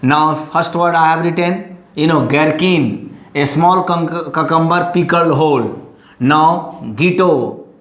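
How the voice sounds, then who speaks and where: A man teaching an English lesson, talking in a halting, repetitive way with many fillers. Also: fairly high pitch, fairly bright tone, roomy sound. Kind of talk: classroom lesson explanation.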